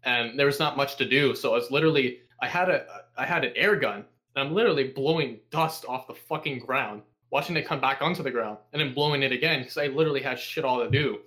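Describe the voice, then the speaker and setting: A man's voice: medium pitch, fast talker, few pauses. A young man tells stories as a podcast guest in a casual, profane ramble. He leans on sarcasm and jumps into mock voices of coworkers as he talks. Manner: sarcastic, swears constantly, animated impressions.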